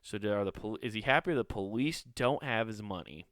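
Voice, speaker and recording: A man's voice: fairly low pitch, brisk, fairly bright tone, no echo. A man hosting a solo comedy podcast, ranting in a profane, rambling, incredulous way on a close podcast mic. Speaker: podcast host.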